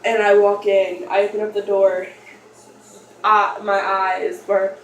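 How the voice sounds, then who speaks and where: A woman's voice: mid-range voice, little pitch movement, slow. A young woman vlogger telling a personal story in a rambling, confessional way, full of fillers and restarts. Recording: echoey room, mic far off, faint noise.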